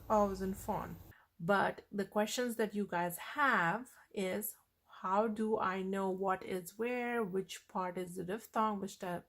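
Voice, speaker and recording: A woman teaching a phonics lesson on vowel sounds, explaining patiently and repeating the key points. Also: mid-range voice.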